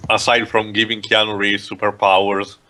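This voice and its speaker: A man's voice: fairly low pitch, flat delivery, moderate pace, pushed and bright, a little hiss or hum. A young man joking in a goofy, sarcastic way while co-hosting a casual movie commentary. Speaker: commentary co-host.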